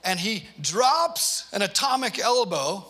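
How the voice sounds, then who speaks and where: A man in his forties preaching a sermon, telling stories with playful asides and lively, animated delivery. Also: high-pitched, takes it slowly, noisy background. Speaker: pastor.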